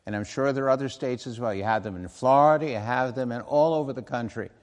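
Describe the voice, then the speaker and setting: A man's voice: mid-range voice, fast talker, a little mellow. A man preaching a sermon in an earnest, conversational way, with asides and self-corrections. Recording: long hall reverb.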